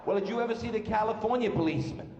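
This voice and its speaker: A man's voice: sits high, darkish tone, dull audio. Male stand-up comedian with a punchy delivery; roomy live hall with faint noise. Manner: brash, rapid-fire joke telling. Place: live stage in a large hall.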